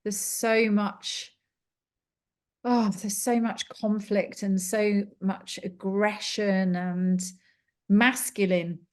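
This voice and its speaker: A woman's voice: medium pitch, level tone, very slow. A middle-aged British woman with a British accent, a clairvoyant telling a reading story in an interview, with many ums. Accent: British English. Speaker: clairvoyant and yoga teacher.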